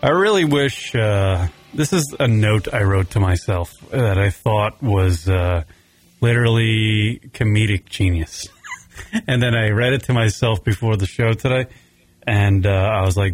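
A man's voice: fairly low pitch, unhurried. A man from Long Island hosting a casual comedy radio show, rambling and swearing as he tells stories. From Long Island, New York. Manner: profane, rambling, animated storytelling.

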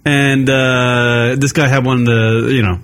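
A man co-hosting a radio talk show, swearing freely and mocking loudly in crude comedic banter. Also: mid-range voice, level tone, measured pace. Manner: profane, loud, mocking. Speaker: co-host.

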